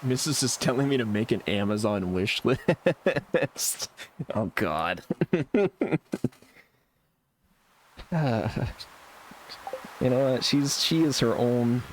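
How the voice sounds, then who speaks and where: A man's voice: medium pitch, lively intonation, takes it slowly, long pauses, slight background noise. A young man streaming a game live, chatting casually with a sarcastic, laid-back manner and frequent laughs while reacting to chat.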